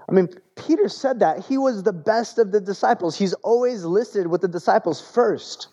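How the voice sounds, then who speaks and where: A man preaching a sermon in a relaxed, conversational way, often repeating words as he searches for the phrase. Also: high-pitched, moderate pace, few pauses, highs cut off. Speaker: pastor.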